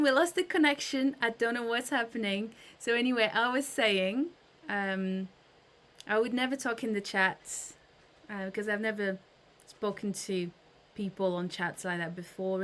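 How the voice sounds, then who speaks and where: A woman's voice: fairly high pitch, normal speed, fairly bright tone. A woman hosting a casual livestream, chatting with her audience, greeting viewers by name, with frequent fillers and restarts. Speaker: livestream host.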